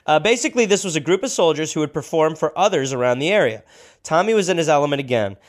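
A man's voice: fairly high pitch, animated, quick pace. A man hosting a comedy podcast, telling a history story casually with jokey asides. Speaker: podcast host.

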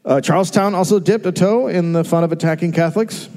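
A man's voice: high voice, quick pace, darkish tone, long reverb tail. A man hosting a live comedy podcast, dryly telling a history story on a theater stage. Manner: dry storyteller, reads quotes and dates. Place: large theater, live audience.

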